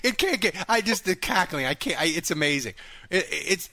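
A man hosting a casual fan call-in chat, excitable and quick to laugh. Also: high voice. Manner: excitable, animated, laughs often. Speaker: fan podcast host.

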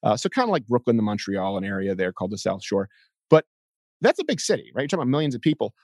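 A man in his thirties from Canada, a guest in an interview, telling stories with big energy and jumping into high squealing impressions. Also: big pitch swings, very fast, darkish tone, no room sound. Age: 30s. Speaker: podcast guest. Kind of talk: animated interview storytelling.

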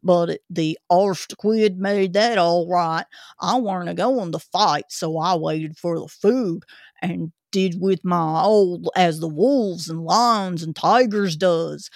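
A grumpy old zookeeper grumbles along in a thick, rough dialect, voiced by a woman. He takes his time over every word. The sound is dry and close, with no room around it. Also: fairly low pitch, slow, no room sound. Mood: gruff. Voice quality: rough working-class dialect. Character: gruff old male zookeeper, grumpy but chatty.

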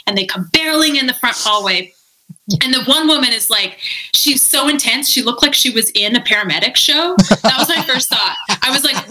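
A woman telling a story in a casual chat, animated and laughing often, with lots of "like". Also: high voice, a little fast, poor audio. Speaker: podcast guest.

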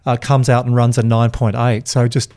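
A man hosting a podcast, talking in an energetic, emphatic way and telling animated stories. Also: mid-range voice, moderate pace. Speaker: podcast host. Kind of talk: casual podcast chat.

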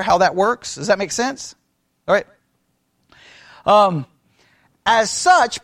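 A man's voice: high-pitched, dry recording, clean studio sound. A man lecturing a Bible class in a conversational way, quizzing his listeners and repeating key phrases.

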